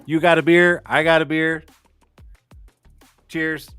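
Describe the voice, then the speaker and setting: A man hosting a casual live-stream talk show, rambling and excitable, swearing freely. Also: a little high, slow, clear, resonant tone, no echo, faint music behind. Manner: rambling, profane and excitable, with frequent restarts and laughs. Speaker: livestream talk show host.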